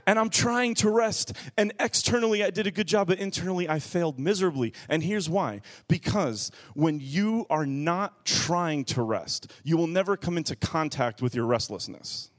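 Man, pastor, sermon, comic storytelling, animated, slightly high voice. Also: moderate pace, few pauses. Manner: animated, acts out other people's voices.

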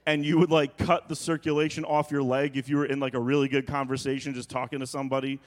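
A middle-aged man from New York preaches through a funny personal story, his voice sitting in an ordinary middle register. He is animated, acting out quotes and sound effects and tossing off quick jokey asides. The delivery mixes reflective points with lively bursts of humor. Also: medium pitch. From New York, United States.

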